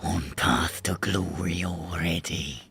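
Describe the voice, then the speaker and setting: A very deep, gravelly tribal warrior growls out clipped, proud replies in a South African accent. His voice is a harsh, whispered rasp with a sharp, forceful edge. He speaks slowly, and faint music plays behind him. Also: steady tone, slight background noise, heavily acted. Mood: gruff, dismissive. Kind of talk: tabletop role-play.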